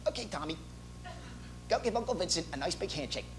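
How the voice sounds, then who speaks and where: A man's voice: on the high side, animated, fast, very noisy, close to an everyday voice. An actor playing a chatty, boastful working-class family man in a comic stage monologue, rambling in street slang and bad grammar. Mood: bragging. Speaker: stage performer in a one-man show. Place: theater stage.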